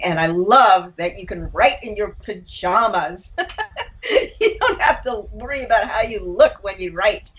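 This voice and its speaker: A woman's voice: medium pitch, rough recording. An older woman from Los Angeles, an author and guest, chatting casually and laughing often, with a frog in her throat. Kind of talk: casual interview chat.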